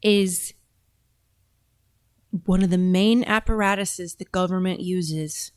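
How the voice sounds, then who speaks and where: A woman's voice: on the low side, slow pace, a little mellow, smooth, no room sound, studio quality. A woman hosting a casual commentary show, reacting to video clips in a chatty, emphatic way. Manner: chatty, emphatic, talks with her mouth full at times.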